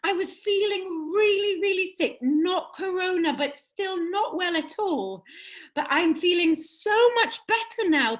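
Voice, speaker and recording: A woman's voice: very high-pitched, expressive, measured pace, pitched above the performer's own voice. A woman voicing a young prince with an English accent, grateful and relieved after being healed.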